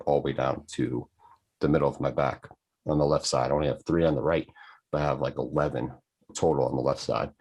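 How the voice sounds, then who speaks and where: A middle-aged man chatting on a podcast, rambling through long explanations. His voice is extremely deep with a husky edge. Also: a little mellow. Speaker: podcast co-host. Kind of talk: casual chat.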